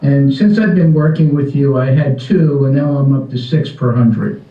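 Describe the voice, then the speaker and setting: A man's voice: medium pitch, moderate pace, recorded from a distance. A man asking his sales coach for help, hesitant and full of fillers, heard over a remote call. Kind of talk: casual conversation. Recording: roomy, dull sound away from the mic.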